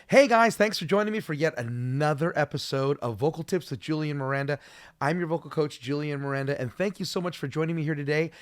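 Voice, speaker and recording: A man's voice: a little high, fast, dry recording. A man giving an upbeat online singing lesson as a vocal coach, explaining technique and demonstrating sounds.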